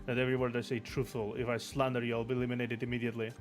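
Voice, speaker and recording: A man reading the lines of a smug, scheming male manager who loudly taunts the others. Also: mid-range voice, monotone, rapid-fire, lightly acted. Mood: gloating. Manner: loud gloating taunts. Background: background game music.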